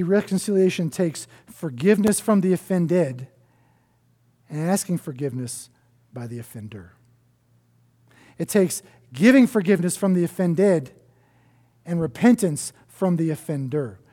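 A male pastor preaching a sermon in an earnest way, often dropping to a soft hush to stress a point. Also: fairly high pitch, expressive, normal speed, long pauses.

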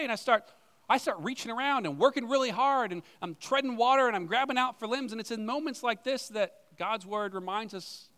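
A man's voice: very high voice, brisk, sharp tone. A man, a pastor, preaching a sermon in a conversational way, with rhetorical questions and self-deprecating asides. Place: church sanctuary. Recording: long hall reverb.

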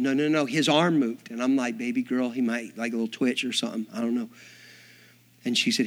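A man preaching, a minister telling a story with acted-out dialogue and big swings from hushed asides to shouting. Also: mid-range voice, a little fast. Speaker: Assembly of God minister. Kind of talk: storytelling sermon.

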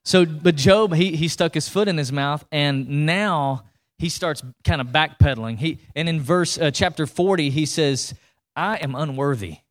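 Pastor, male, fairly high voice, casual lively sermon delivery that keeps checking in with the congregation. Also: normal speed. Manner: animated, colloquial preaching with rhetorical questions.

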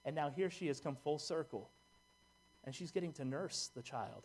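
A man's voice: on the high side, lively intonation, normal speed, husky. A man preaching a sermon in a church, reading scripture aloud and talking to the congregation in a conversational way, asking them questions and making joking asides. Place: church sanctuary.

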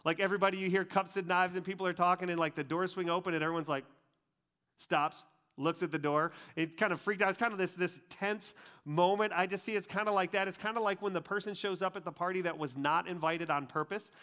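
A man preaching a conversational sermon, chatty and full of asides, dropping to a hushed, grave tone for serious points. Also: high-pitched, fairly even intonation, fast. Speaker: pastor.

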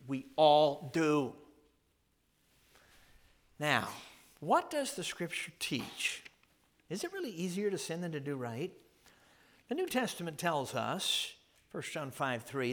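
A man preaching a sermon, telling stories with chuckles and asking the listeners questions. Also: fairly high pitch. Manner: animated, storytelling with frequent chuckles and rhetorical questions.

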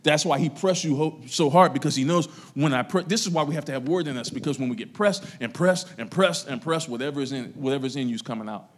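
Male pastor preaching to his congregation, somewhat high voice, loud emphasis then quiet asides. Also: quick pace, hardly any pauses. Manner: preaching with strong rises and drops in loudness. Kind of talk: sermon.

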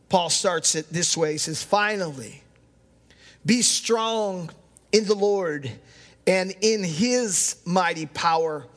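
High-voiced male pastor in a reverberant hall. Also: a bit bright. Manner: storytelling with dramatic pauses. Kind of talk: sermon. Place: church sanctuary.

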